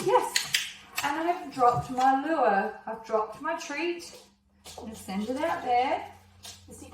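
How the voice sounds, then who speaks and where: A woman's voice: high-pitched, background noise. A woman teaching dog training, praising and encouraging her dog between explanations to the viewer. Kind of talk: instructional dog training video. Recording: echoey, distant camera sound.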